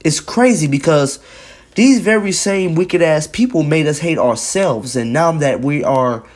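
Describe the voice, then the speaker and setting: A man's voice: fairly high pitch, animated, a little slow. Emphatic man preaching on video. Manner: emphatic and repetitive, often adding "man". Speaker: religious video commentator. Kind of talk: preaching commentary with scripture and news reading.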